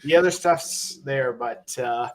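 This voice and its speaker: A man's voice: medium pitch, measured pace. A man from Ontario with a Canadian accent, chatting casually on a live stream with a rambling, laughing delivery. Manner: rambling, laughing, many fillers. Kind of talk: casual chat.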